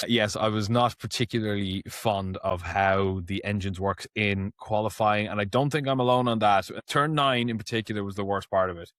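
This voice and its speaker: A man's voice: fairly low pitch, fairly bright tone, no room sound, studio quality. A man hosting a casual motorsport podcast, talking loosely and often restarting his phrases. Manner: chatty, restarts phrases, reads sponsor plugs. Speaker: podcast host.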